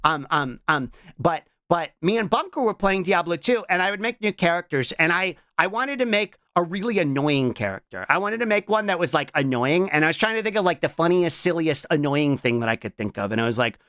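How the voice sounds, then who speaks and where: A man's voice: fairly high pitch, animated, brisk, hardly any pauses, a bit bright, no echo, clean studio sound. A young man streaming casually as a VTuber, rambling with restarts and giggles and breaking in with a repeated blurted "What?" tic. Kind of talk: casual live-stream chat.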